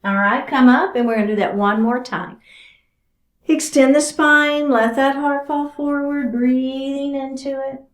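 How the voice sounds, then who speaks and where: A woman leads a chair yoga class, giving chatty, encouraging cues while doing the stretches herself. Her voice sits high with a steady tone and a slightly slow pace, recorded with a roomy echo.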